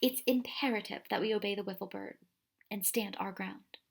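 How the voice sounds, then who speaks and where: A woman voicing a kindly older male professor who speaks in a grave, breathy half-whisper. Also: mid-range voice, steady tone, normal speed. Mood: grave hushed.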